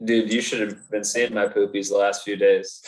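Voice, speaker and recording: A man's voice: fairly low pitch, little pitch movement, normal speed, slight background noise, poor audio. A young man co-hosting a casual podcast, laid-back and laughing as he swears through crude stories. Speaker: podcast co-host. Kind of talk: casual chat.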